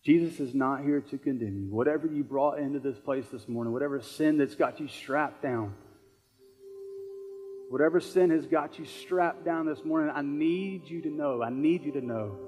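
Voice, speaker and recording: A man's voice: on the high side, normal speed, darkish tone, faint music behind. A man preaching a sermon as pastor in a church service, earnest and repeating phrases for emphasis.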